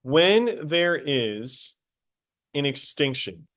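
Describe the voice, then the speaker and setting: A man teaching a high school biology class, casual and talkative, stopping to quiz students directly. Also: sing-song, extremely slow, a bit bright. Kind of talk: classroom lecture.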